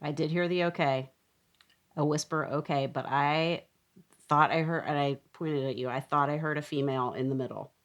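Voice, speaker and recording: A woman with a notably low voice chatting on a podcast. She talks in a dry, skeptical, teasing way. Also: steady tone, moderate pace. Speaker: podcast co-host. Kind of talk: casual chat.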